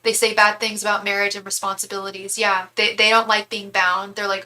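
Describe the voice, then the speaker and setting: Bright-voiced chatty woman tarot reader. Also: medium pitch, flat delivery, a little fast, hardly any pauses, poor audio. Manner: chatty, candid, thinks aloud with restarts. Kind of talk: casual live-stream reading.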